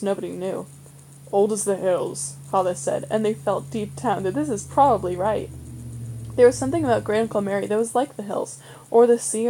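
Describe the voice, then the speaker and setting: A woman reading a children's novel aloud in a steady, measured storytelling manner. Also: medium pitch, poor audio. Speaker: reader.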